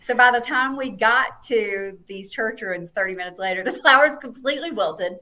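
Woman telling a story in animated chat. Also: on the high side, moderate pace. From United States. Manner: animated, quotes people in lively voices. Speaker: podcast guest.

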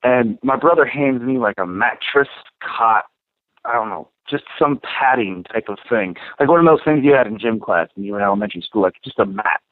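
A man co-hosting a podcast, telling a story in a casual, profane and animated way. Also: mid-range voice, a little fast, dry recording. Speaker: podcast co-host. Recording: tinny phone-like dry sound.

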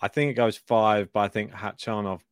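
A man's voice: fairly low pitch, level tone, fairly quick, smooth, no echo, clean studio sound. A man co-hosting a tennis podcast, casual and playful, often unsure and laughing as he makes his picks. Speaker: podcast co-host.

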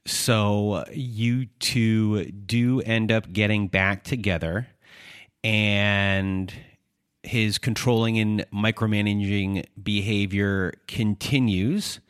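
A man hosting a podcast, recapping the guest's story in slow, measured questions with small hesitations. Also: on the low side, fairly even intonation, clear, resonant tone, no echo, clean studio sound. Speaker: podcast host.

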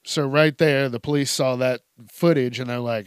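With a clear, resonant, medium-pitched voice and moderate pace, a man hosts a casual news commentary show heavy on profanity. He tells odd stories with animated delivery, lots of cursing, and laughter, in studio quality with no echo.

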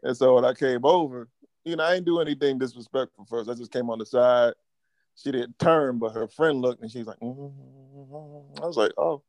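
A man's voice: mid-range voice, a little fast, darkish tone, no room sound. A man co-hosting a podcast, telling a casual, slangy story as he chats over a call. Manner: laid-back slangy storyteller. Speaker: podcast co-host.

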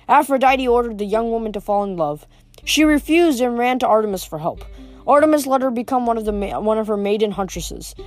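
A woman reading the part of a smooth, scheming teenage boy villain in an audiobook, with a mocking manner. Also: on the high side, a little mellow, close to an everyday voice.

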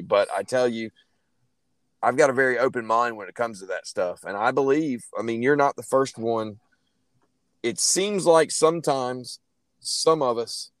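A man hosting a casual podcast chat in a relaxed, open-minded way. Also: on the low side, dry recording. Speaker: podcast host.

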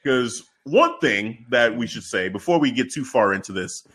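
A man co-hosting a podcast, telling stories in a loose, slangy, animated way. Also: mid-range voice, normal speed, breathy edge. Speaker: podcast co-host. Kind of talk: casual chat.

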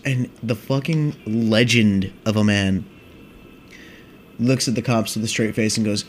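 A man's voice: lowish voice, a little slow, a little hiss or hum. Rambling, foul-mouthed young man telling a story. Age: 20s. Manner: rambling, profane, filler-heavy with constant "like" and "dude". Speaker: vlogger. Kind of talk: casual storytelling rant.

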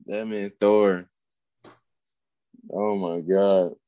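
A man's voice: lowish voice, level tone, drawn-out words, dark tone, smooth, no room sound. A young man in casual chat, laid-back and slangy, often laughing.

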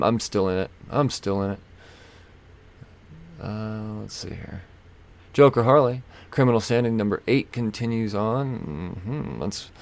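Low gravelly guy rambling thru his solo podcast, lots of ums, cusses and laughs at himself. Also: darkish tone. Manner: rambling, self-mocking, swears, frequent fillers and laughs. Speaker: podcast host. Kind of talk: casual solo comic-book podcast chat.

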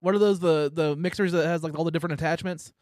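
A man's voice: a little high, fast talker, dry recording, clean studio sound. An American man hosting a podcast, joking crudely and animatedly with his co-host. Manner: profane, animated, jokey. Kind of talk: crude casual podcast banter.

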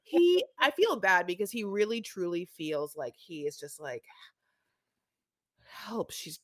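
A woman's voice: on the low side, very animated, normal speed, dry recording, studio quality. A woman co-hosting a podcast, recapping a reality show in a chatty way, full of "like" and dramatic emphasis. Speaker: podcast co-host.

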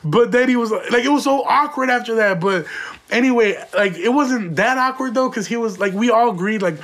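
A man's voice: very high-pitched, a little fast, a bit bright. A man telling a rambling, profane comic story from his own life in casual slang, full of "like" fillers. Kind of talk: comedic storytelling.

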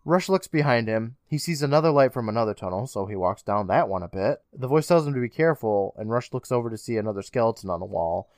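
A man's voice: medium pitch, animated, fast talker, few pauses, a little mellow, no room sound, clean studio sound. A man co-hosting a podcast, casually recapping a TV episode with sarcastic asides and the odd swear. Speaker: podcast co-host.

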